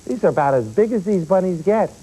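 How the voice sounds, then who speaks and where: A man's voice: high-pitched, big pitch swings, quick pace, mellow, slightly rough, poor audio. A man appearing as a pet expert on a children's TV show, explaining animals and quizzing the children in the studio. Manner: explanatory, addresses children directly with questions.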